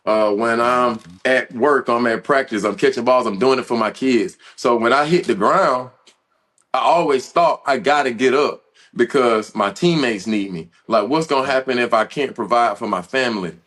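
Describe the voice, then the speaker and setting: A former football player in his thirties shares an emotional personal story as a guest on a podcast. His mid-range voice has a fairly bright tone, and he speaks earnestly but haltingly, restarting sentences and using fillers.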